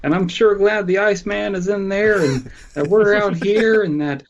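A man's voice: high voice, moderate pace, dull audio, voice pushed up. A man voicing a goofy, jittery young cartoon-style character who rambles in run-on phrases. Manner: rambling, repetitive run-on delivery.

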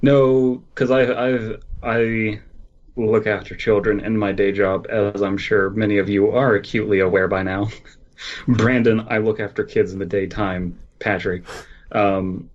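A man in a comedic reading and chat who delivers his lines deadpan and deliberately. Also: on the low side, dull audio.

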